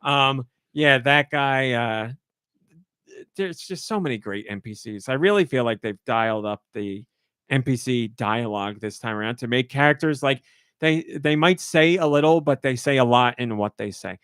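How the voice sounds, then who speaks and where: Male podcast host, casual storyteller, lively voice-acting of quotes, dry studio sound. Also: moderate pace, clear, resonant tone, no room sound. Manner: animated storytelling, voices quoted lines in a high excited pitch. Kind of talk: casual chat.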